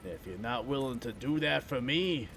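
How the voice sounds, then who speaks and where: A man's voice: mid-range voice, lively intonation, moderate pace, background noise, natural voice. A man putting on a menacing New York mobster voice with a New York accent, swaggering and profane. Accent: New York, put on.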